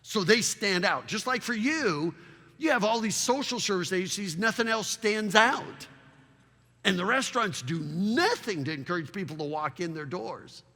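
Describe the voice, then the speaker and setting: A man giving a public slide presentation as a town consultant, animated and full of rhetorical questions. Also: high voice, normal speed. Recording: long reverb of a large hall.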